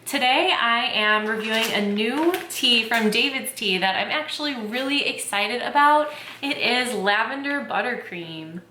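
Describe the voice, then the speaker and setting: A young adult woman chatting excitedly to camera as a tea vlogger, filling her talk with "like". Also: on the high side, a little slow, few pauses, roomy sound, slight background noise. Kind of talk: casual chat to camera.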